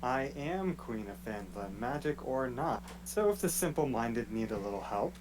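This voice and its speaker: A man's voice: mid-range voice, lively intonation, normal speed, noisy background, close to an everyday voice. A man voicing a condescending, grandiose woman claiming to be queen, in a tabletop game. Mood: haughty. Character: haughty self-declared queen, woman, imperious.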